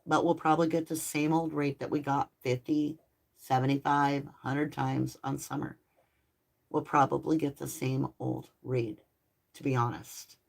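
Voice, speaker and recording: A woman's voice: a bass voice, fairly even intonation, unhurried, vocal fry. A middle-aged woman hosting a live tarot stream, chatting casually with viewers and cooing baby talk at her dogs.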